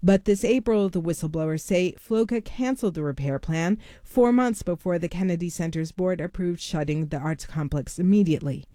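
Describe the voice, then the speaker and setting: A woman correspondent delivers a measured, factual radio news report. Her tone is warm and dark, recorded close and dry. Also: fairly low pitch, no echo.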